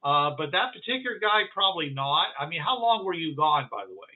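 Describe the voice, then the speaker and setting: Halting game master on a tinny line. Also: male voice, on the high side, sing-song. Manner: halting, many fillers and restarts. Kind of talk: narrating a tabletop game. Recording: phone-like narrow band.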